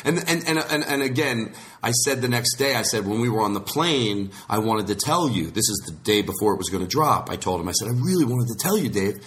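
A man's voice: fairly low pitch, animated, fairly quick, hardly any pauses, fairly bright tone, a little hiss or hum. A man hosting a podcast in casual chat, rambling and restarting his sentences, slipping into voices when he quotes people. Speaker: podcast host.

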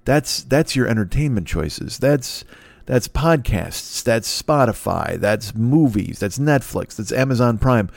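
A man's voice: mid-range voice, lively intonation, measured pace, creaky, a little mellow, dry recording. A man hosting a solo podcast, rambling in a profane, self-deprecating way. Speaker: podcast host.

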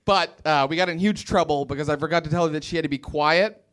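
A man's voice: on the high side, fast talker, fairly bright tone, smooth. A young man from West Virginia doing a stand-up set in a comedy club, telling wry stories and acting out what people said. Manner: wry storytelling with acted-out quotes.

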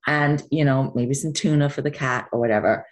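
A woman's voice: a bass voice, a little fast. A middle-aged woman chatting as a guest in an interview, telling stories with laughter. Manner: chatty, animated storytelling with laughs. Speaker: guest actress. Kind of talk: casual interview chat.

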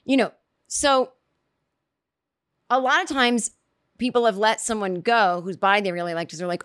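Talking a little fast and pausing often, a woman rambles through a comic anecdote, breaking into her own sentences and leaning heavily on "like" and "you know." Her delivery is lively, with her voice shooting up in pitch to emphasize the punchlines. The mic is close and dry, with no echo or room sound.

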